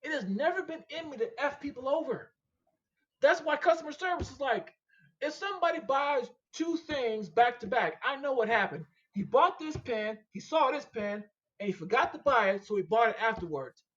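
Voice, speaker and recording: A man's voice: extremely high pitch, normal speed, lo-fi sound. A man guest on a casual podcast interview, talking emphatically and repeating his points like a sermon. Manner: emphatic, animated and repetitive, preaching-like. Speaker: podcast guest, machine shop owner.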